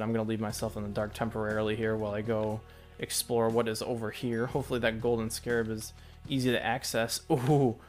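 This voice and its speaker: Chatty man narrating his gameplay. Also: fairly low pitch. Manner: chatty, excitable, thinks aloud about each move. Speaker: gameplay commentator. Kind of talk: let's play commentary.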